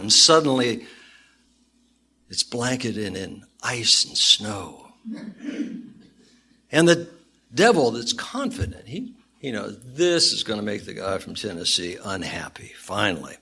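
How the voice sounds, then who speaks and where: A male minister preaching a sermon to a congregation with animated storytelling and emphatic repetition. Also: medium pitch, measured pace, creaky. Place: church with congregation.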